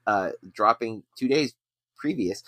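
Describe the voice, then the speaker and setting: A man's voice: fairly low pitch, expressive, a little slow, bright, forceful tone, dry recording. A man co-hosting a podcast, chatting casually with lots of fillers and restarts. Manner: rambling, many fillers and restarts. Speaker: podcast co-host.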